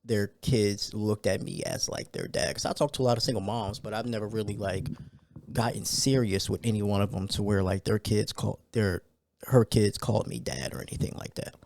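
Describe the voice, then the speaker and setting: A man hosting a solo podcast in a loose, conversational way, full of fillers and sudden excited rants. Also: fairly low pitch, fairly quick, vocal fry, dry recording, clean studio sound. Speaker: podcast host. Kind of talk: casual solo podcast talk.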